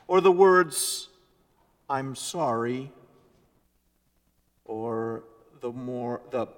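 A male pastor delivers a sermon in a church sanctuary. His voice sits high and swings widely, rising to loud emphasis and dropping to near-hushed phrases at an unhurried pace. A long reverb from the hall trails every line.

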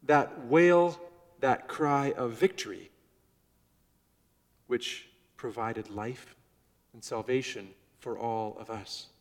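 A middle-aged male pastor preaching a sermon earnestly, dropping to a soft hush on key words. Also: mid-range voice, takes it slowly, pauses often, long reverb tail. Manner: earnest, varies volume, drops to soft near-whisper on key words. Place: church sanctuary.

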